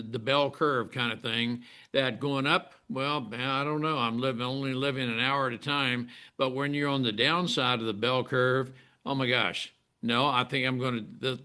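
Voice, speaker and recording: A man with a mid-pitched, bright and forceful voice, hosting an interview. He builds his questions slowly, stopping and restarting as he searches for the words. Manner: halting, restarts, reflective. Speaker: podcast host.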